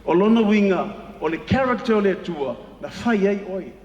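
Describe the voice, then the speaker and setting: A man preaching a bilingual sermon at an evening church service, emphatic and slow on key phrases. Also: high-pitched, expressive, a little mellow, dull audio. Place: large church hall. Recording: echoey hall with long reverb.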